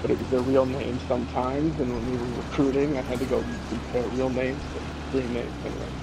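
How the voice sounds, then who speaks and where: A man's voice: medium pitch, flat delivery, brisk, very noisy. A man who leads a gaming clan, chatting casually in an interview, easygoing and laughing often. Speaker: clan leader.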